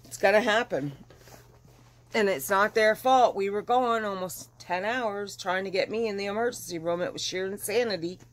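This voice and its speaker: A woman's voice: mid-range voice, moderate pace. Woman, middle-aged, casual home vlog, chatty, dramatic storytelling, just over the flu. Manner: chatty and animated, dramatic retelling. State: recovering from flu. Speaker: vlogger. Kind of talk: casual chat. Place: at home, windows open.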